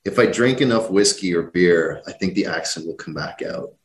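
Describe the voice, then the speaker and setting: A man's voice: sits low, normal speed, reverberant. A man from Ireland with a faint Irish accent, a company head being interviewed. He talks in an easygoing, friendly way, with frequent restarts. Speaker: company CEO, guest. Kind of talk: casual interview chat.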